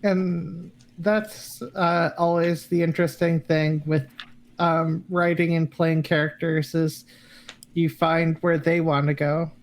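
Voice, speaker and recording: Higher-voiced man rambling casually. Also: little pitch movement, slow. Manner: rambling, self-deprecating. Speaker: guest player. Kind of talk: casual post-game chat.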